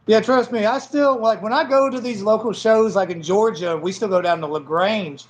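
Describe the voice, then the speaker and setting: Blunt Southern man, high voice. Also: normal speed, poor audio. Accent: Southern American. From Southern United States. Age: 40s. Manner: blunt, profane, laughs often. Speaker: guest wrestler. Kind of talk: casual chat.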